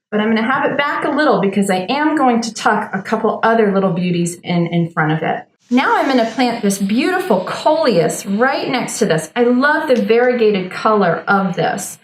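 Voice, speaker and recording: A woman's voice: fairly high pitch, echoey room, a little hiss or hum. Upbeat woman hosting a garden DIY demo. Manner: upbeat and enthusiastic, talks while working with her hands. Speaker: show host demonstrating a planter DIY. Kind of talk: casual how-to demonstration.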